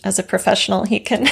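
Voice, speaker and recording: A woman with a gravelly, creaky edge to her voice, talking through story ideas in a relaxed conversational way. She reflects aloud and often answers with a quick "right, right.". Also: medium pitch. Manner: conversational, reflective, warm affirmations. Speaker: writing podcast co-host. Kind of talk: casual craft discussion.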